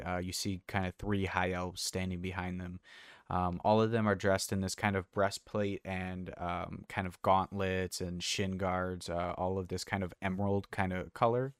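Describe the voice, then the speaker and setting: Game master, man, low monotone, smooth dry voice, halting narration. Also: no echo. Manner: halting, many fillers.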